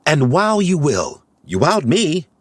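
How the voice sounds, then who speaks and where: A man doing a soft, high young woman. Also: big pitch swings, measured pace, slightly rough, no echo, exaggerated voice. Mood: eager. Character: young expectant woman, gentle and eager. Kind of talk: storybook voice acting.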